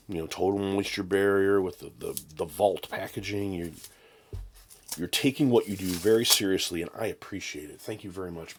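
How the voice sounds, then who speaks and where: A man with a deep voice chats through a casual unboxing vlog at his desk. He rambles and slips into sarcastic mock rants, and a faint crinkle of packaging sits under his voice from the camera mic. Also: slight background noise. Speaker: channel host. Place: home desk with camera and laptop.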